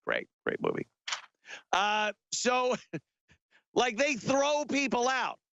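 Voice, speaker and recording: A man's voice: very high-pitched, huge pitch swings, takes it slowly, vocal fry, a bit bright, dry recording, highs cut off. A man hosting a talk radio show, delivering a sarcastic, rambling monologue with lots of filler words.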